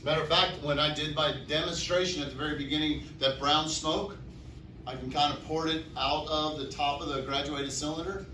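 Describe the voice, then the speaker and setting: A man's voice: fairly high pitch, fairly even intonation, fairly quick, bright, forceful tone, slight background noise. A man teaching chemistry to a classroom, asking the class questions and answering them himself. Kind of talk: classroom lecture. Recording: echoey classroom from far off.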